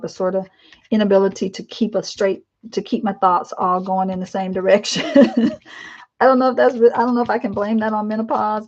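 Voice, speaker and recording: Speaking through a live-stream camera mic with lo-fi quality, this vlogger in her fifties has a mid-range voice. She's candid and rambling, filling her casual chat with fillers, laughs and lively quoted asides.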